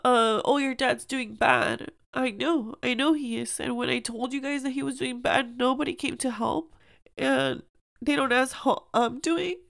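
A woman's voice: sits high, fairly even intonation, moderate pace, gravelly. A young woman hosting a personal podcast, speaking earnestly and emotionally, with many "like"s and "um"s. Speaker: podcast host.

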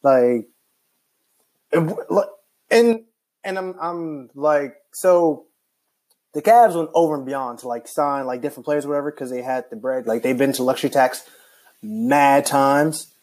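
A man's voice: medium pitch, a little slow. A young man ranting casually and with frustration, rambling and filling his talk with "like" and restarts. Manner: animated, rambling, heavy use of "like". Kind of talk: casual basketball rant.

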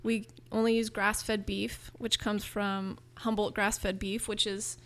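A woman's voice: medium pitch, level tone, slow pace, a bit bright. Chatty upbeat woman from northern california. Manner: enthusiastic, chatty with frequent restarts. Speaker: food business founder. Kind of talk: casual interview talk.

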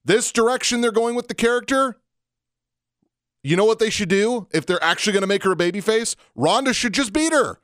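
A man co-hosts a wrestling podcast in a casual rant, his voice swinging widely up and down as he stresses each point. He talks on the high side for a man, close and dry on the mic. He drags out key phrases for emphasis. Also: lively intonation, brisk, a bit bright, no room sound. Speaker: podcast co-host.

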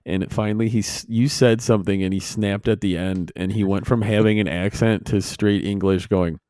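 A man's voice: lowish voice, fairly even intonation, fairly quick, dark tone, no room sound, clean studio sound. A man co-hosting a podcast, chatting casually and laughing as he tells old stories. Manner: laughing, reminiscing storyteller. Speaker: podcast co-host. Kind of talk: casual chat.

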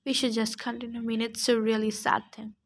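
A woman's voice: fairly high pitch, flat delivery, fairly quick, gravelly. A woman reading a novel aloud who stops to add heartfelt, emotional comments of her own. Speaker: reader.

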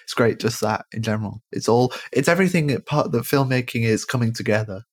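A man's voice: mid-range voice, expressive, fast talker, slightly rough. A man, chatting casually and jokingly as a podcast co-host about a film. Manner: chatty, rambling, jokey.

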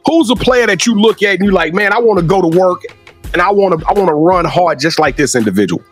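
A man hosting a casual interview, energetic and slangy, often repeating words as he thinks. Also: high voice, fast talker, husky, faint music behind. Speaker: interview host.

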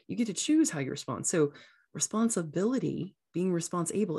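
This casual podcast host has a deep, slightly mellow voice and speaks earnestly like a coach, occasionally performing other voices. The recording carries an echoey room sound.

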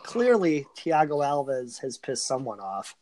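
A man's voice: medium pitch, big pitch swings, measured pace, darkish tone, a little hiss or hum. A man co-hosting a podcast, running through fight news in a matter-of-fact way. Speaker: podcast co-host. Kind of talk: casual news rundown.

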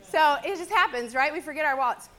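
Woman, young adult, high-pitched, animated storyteller, sermon-style talk. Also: quick pace. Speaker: teacher speaking to a church audience.

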